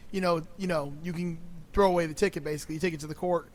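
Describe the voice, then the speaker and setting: A man's voice: a little high, fairly even intonation, very fast. A man co-hosting a podcast, chatting casually and telling jokey stories. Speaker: podcast co-host. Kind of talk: casual movie-recap chat.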